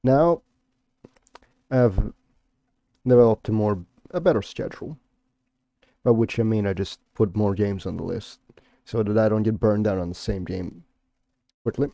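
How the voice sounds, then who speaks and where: A man's voice: lowish voice, a little slow, creaky, pauses often, mellow, no echo. A man streaming a video game, chatting casually to his viewers and rambling with fillers and restarts. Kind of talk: casual let's-play commentary.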